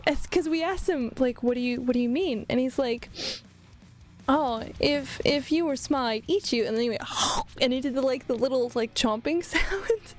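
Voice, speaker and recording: A young woman chatting casually with her stream while she draws, rambling and laughing often. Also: high-pitched. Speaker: vtuber art streamer. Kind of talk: casual livestream chat while drawing.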